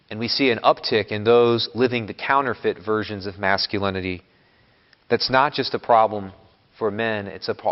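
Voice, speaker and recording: A Catholic priest giving a homily in a church, speaking in a measured, emphatic way that builds lists of words. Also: male voice, on the low side. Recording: long church reverb, dull lo-fi sound.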